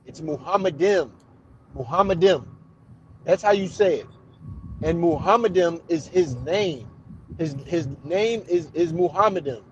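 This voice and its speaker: A man's voice: a little high, measured pace, highs cut off, slight background noise. A man calling into a heated debate, insisting on his point, repeating himself and saying "brother" often.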